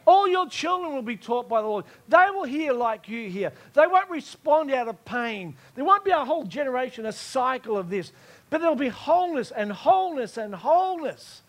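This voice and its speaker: A man's voice: extremely high pitch, very animated, normal speed. A man preaching a sermon with emphasis, repeating key phrases and asking his listeners whether they heard him.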